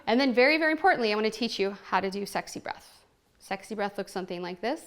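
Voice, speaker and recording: A woman's voice: mid-range voice, lively intonation, fast. A woman hosting a home party for a live group and demonstrating products, talking in a playful, cheeky way with frequent asides to the room. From Oregon.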